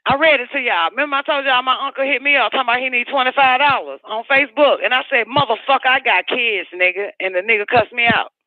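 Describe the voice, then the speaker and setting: A man's voice: extremely high pitch, fast, hardly any pauses, no echo. A man hosting a live call-in radio show, rambling on with heavy profanity and emphatic repeats. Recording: dry, phone-like radio sound.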